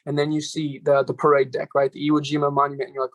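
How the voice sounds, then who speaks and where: A young man, a podcast guest, telling stories in a fast, animated way and ending his sentences with "right?". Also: on the high side. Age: young adult. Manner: rapid, animated, keeps tagging "right?" and "bro". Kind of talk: casual storytelling interview.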